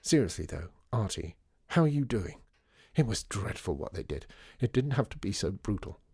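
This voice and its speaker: A man's voice: low-pitched, very animated, brisk, gravelly, darkish tone, breathy edge, no room sound, studio quality, heavily acted. A man voicing a tall young man with a smartly clipped, jokey manner. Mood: breezy.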